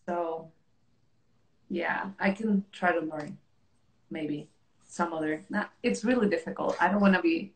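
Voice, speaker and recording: A woman's voice: on the low side, a little slow, long pauses, reverberant. A woman from Mexico, hosting a casual interview and chatting with many fillers, sometimes acting out quotes. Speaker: host and technical specialist.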